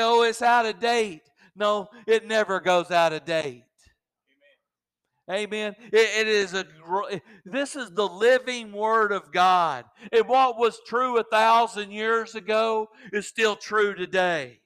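A man's voice: high voice, bright, forceful tone, clean tone, no echo. A man preaching a sermon, often repeating words as he builds up.

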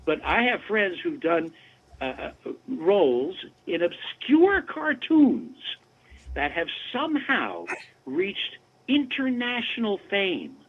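A man in his seventies, a voice actor guest telling animated, chatty anecdotes in a casual interview over a remote call. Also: high-pitched, takes it slowly, husky. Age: 70s. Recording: tinny phone-like line.

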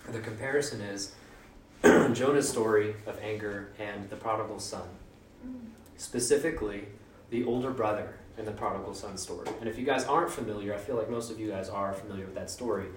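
A man preaching in an easygoing, joking way, slipping into mock voices. His voice sits low. It rings with room echo and sounds set back from the microphone. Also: slight background noise. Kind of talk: casual conversational sermon. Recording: roomy echo, mic at a distance.

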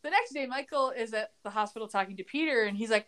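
A woman's voice: on the high side, fast talker, few pauses, a bit bright. A woman co-hosting a podcast, casually recapping TV scenes and laughing often. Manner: acts out quoted lines, laughs often. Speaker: podcast co-host recapping a TV show. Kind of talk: casual chat, retelling scenes.

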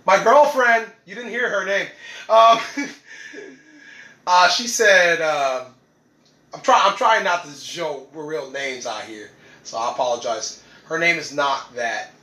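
A man's voice: fairly high pitch, slow pace, sharp tone, roomy sound, low-quality recording. A young man hosting a podcast, talking casually and animatedly, laughing often and acting out what others said. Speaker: podcast host.

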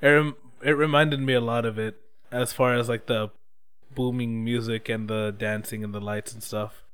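A young man in casual chat recapping an episode, excitable and swearing freely. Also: medium pitch, moderate pace, smooth.

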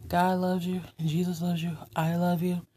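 A woman hosting a heartfelt, faith-based talk segment, speaking earnestly and tenderly, often dropping into a soft whisper. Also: lowish voice, little pitch movement, moderate pace, slightly rough. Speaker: host of an inspirational talk segment.

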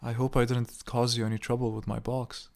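A man's voice: mid-range voice, flat delivery, creaky, a little mellow, close to an everyday voice. Man putting on a cruel old woman. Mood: mock-polite. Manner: mock-sweet, then slow and screaming.

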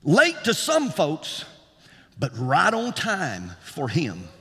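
A man preaching a sermon in a rhythmic style that climbs to shouts and repeats words for emphasis. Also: on the high side, huge pitch swings, slow pace, breathy edge. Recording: long hall reverb.

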